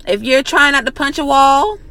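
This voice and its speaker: A woman's voice: high-pitched, expressive, normal speed, pushed and bright, no echo. Woman, motivational pep talk, blunt and profane, repeats for emphasis. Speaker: motivational vlogger.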